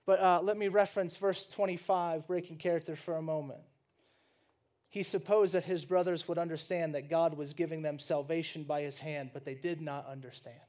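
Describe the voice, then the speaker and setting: A man preaching a sermon in an animated, dramatic storytelling manner. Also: on the high side, moderate pace.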